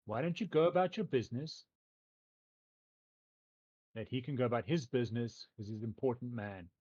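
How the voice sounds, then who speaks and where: A man voicing the mayor's rough, protective brother, a gruff townsman, on a dull lo-fi mic. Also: medium pitch, normal speed, a little mellow, close to an everyday voice.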